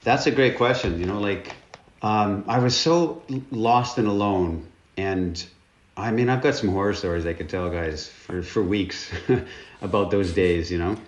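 A man's voice: on the low side, a little slow. Earnest man telling his story in a roomy room. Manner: earnest, candid, with repeated words. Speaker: guest, author. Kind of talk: conversational interview storytelling. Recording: roomy, dull-sounding recording.

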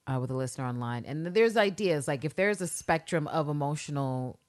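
A woman with a notably low voice co-hosts a casual podcast recap. She talks in a loose, animated way, swears freely and slips into quick impressions of the characters. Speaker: podcast co-host.

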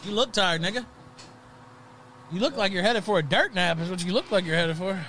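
A man's voice: sits high, expressive, brisk, pushed and bright, a little hiss or hum. A man hosting a live stream, mocking a clip with crude, sardonic commentary. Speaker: stream host reacting to clips.

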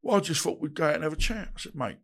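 A man's voice: fairly high pitch, lively intonation, rapid-fire. A man, telling stories bluntly in a casual interview and acting out the dialogue he quotes. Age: 50s. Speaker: guest, boxer.

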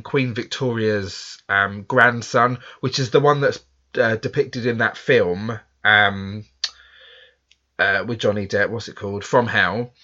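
A British man chats on a podcast in a relaxed, self-deprecating way, laughing easily. His voice is forceful and bright. The recording sounds dull and lo-fi. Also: on the low side. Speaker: podcast co-host. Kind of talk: casual chat. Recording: dull lo-fi audio.

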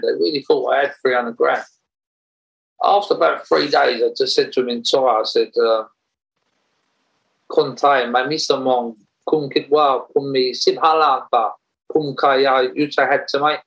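A man tells a story to an interviewer in a loose, animated way, stumbling over restarts and breaking into laughter. His voice is gravelly with plenty of fry, sitting at an ordinary male pitch. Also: normal speed, low-quality recording. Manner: animated, laughs while telling, rambling restarts. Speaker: interview guest.

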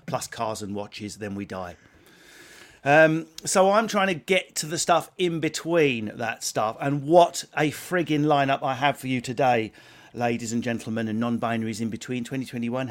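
A man hosting a comic podcast. He talks in rough, crude banter and riffs on his own jokes at a middling pitch. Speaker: podcast host.

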